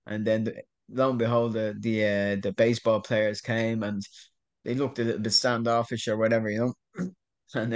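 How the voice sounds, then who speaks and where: A middle-aged Irish man telling a rambling story in a casual interview, repeating words and laughing often. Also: mid-range voice. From Ireland. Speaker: guest.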